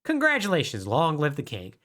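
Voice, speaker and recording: A podcast co-host with a voice on the high side speaks briskly as he casually retells a story. He tells it in an animated way, cracking jokes and laughing at them himself.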